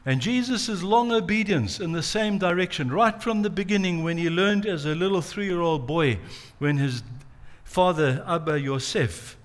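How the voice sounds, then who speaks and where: A man's voice: sits high, normal speed, hardly any pauses. A man giving a sermon, telling the story dramatically and acting out the quoted lines. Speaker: pastor.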